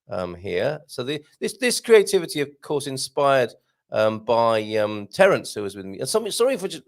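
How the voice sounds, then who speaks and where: Man, live-stream host, gravelly voice, lively up-and-down pitch, chatty and giggly. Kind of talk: live-stream chat with viewers.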